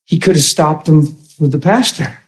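A man preaching a sermon with passion, often shouting and repeating himself. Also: a little high, moderate pace.

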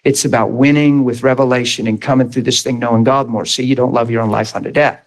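A man's voice: mid-range voice, steady tone, fast talker. A middle-aged man preaching a fervent, emphatic sermon testimony as pastor, laughing between points.

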